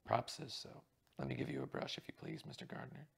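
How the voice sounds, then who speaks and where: A man voicing a little, dried-up old male theatre dresser in a hushed, deferential murmur. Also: mid-range voice, very animated, brisk, gravelly, breathy edge, heavily acted.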